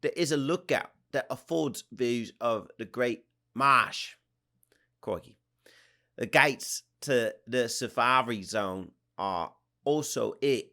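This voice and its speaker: A man's voice: fairly low pitch, flat delivery, very fast, creaky, hardly any pauses, pitched below the performer's own voice. A man putting on a hammy outback Aussie guide. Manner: drops "crikey" mid-sentence. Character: over-the-top male Australian outback guide. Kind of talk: comic put-on reading of a guidebook text.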